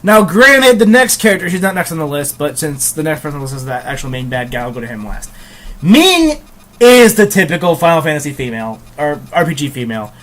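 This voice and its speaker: Young guy host, rambling and crude, fairly high voice, casual game review banter. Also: very animated, brisk, fairly bright tone. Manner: rambling, frequent ums and restarts, crude jokes.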